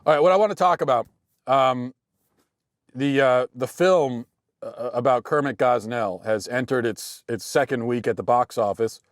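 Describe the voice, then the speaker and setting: An American man in his thirties hosting a show, talking through a casual monologue with dry, deadpan humor and frequent restarts. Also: medium pitch, normal speed, dry recording. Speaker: podcast host.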